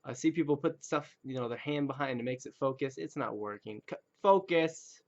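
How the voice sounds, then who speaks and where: Brisk and medium-pitched, a man rambles casually through a webcam toy review as an action figure collector, self-deprecating and slipping into joke voices. The recording sounds dull and lo-fi.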